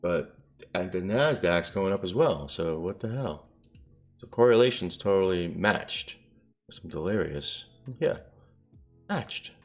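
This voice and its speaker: A man's voice: sits low, animated, measured pace, soft background music. A man streaming his day trading live, talking casually to viewers and muttering to himself as he reads the charts. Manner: rambling, self-talking, mutters at the screen.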